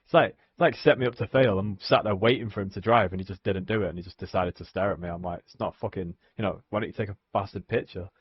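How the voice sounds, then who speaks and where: A man's voice: lowish voice, fairly even intonation, fast talker, few pauses, breathy edge, no room sound, muffled recording. A young man, ranting casually on a live stream, swearing and saying "like" a lot. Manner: frustrated ranting, heavy swearing, many "like"s. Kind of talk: casual chat.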